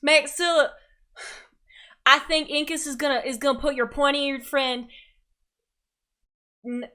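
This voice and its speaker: A woman's voice: high-pitched, steady tone, measured pace, sharp tone, pitched above the performer's own voice. A woman voicing a frantic young farm girl who is out of breath.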